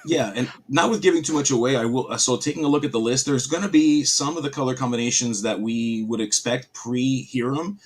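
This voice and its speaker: Husky guy casting a card game stream, playful and animated. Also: mid-range voice, a little fast, few pauses. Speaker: stream caster. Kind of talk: casual chat.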